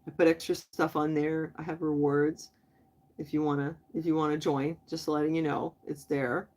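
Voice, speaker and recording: A woman's voice: deep voice, level tone, normal speed, a little mellow. Chatty woman hosting a late-night livestream. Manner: chatty, talks straight to viewers in the chat; laughs often, loose and friendly. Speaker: livestream host.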